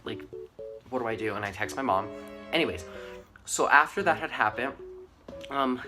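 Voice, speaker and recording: A teenage boy telling school stories to his channel in a rambling, casual way, full of "like" and "um". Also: medium pitch. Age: teens. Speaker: vlogger. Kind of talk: casual storytelling to camera.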